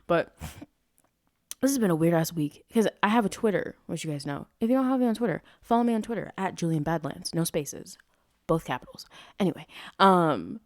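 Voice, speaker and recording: Young woman, podcast host, lively swooping delivery, rather low voice, rambling and profane, dry close sound. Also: brisk, no room sound. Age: young adult. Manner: rambling, profane, easily sidetracked. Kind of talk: casual solo podcast chat. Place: at home, street traffic nearby.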